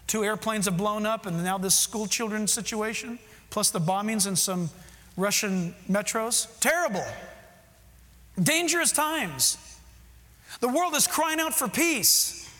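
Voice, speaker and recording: A man's voice: sits high, measured pace, pushed and bright, big-room sound. A male pastor preaching an emphatic sermon, putting direct questions to his congregation.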